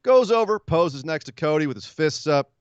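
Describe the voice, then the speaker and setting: A podcast co-host with a fairly high, smooth voice recaps wrestling at a moderate pace in casual chat. He tells it with animation, acting out what people said in silly voices. The recording is dull, lo-fi and dry with no echo.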